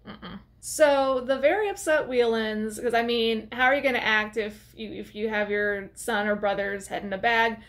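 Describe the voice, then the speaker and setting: A woman's voice: a little high, fairly even intonation, moderate pace, a bit bright. A young adult woman recapping a movie in a casual, chatty way with sarcastic asides, recorded at home on a desk camera. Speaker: movie reviewer. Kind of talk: casual video review.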